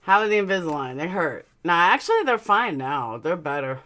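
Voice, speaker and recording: A woman's voice: fairly low pitch, very animated, a little fast, a bit bright. A woman hosting a casual live stream, chatting bluntly and reading out her chat, speaking with a slight lisp. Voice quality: slight lisp from dental aligners. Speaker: livestream host reading chat.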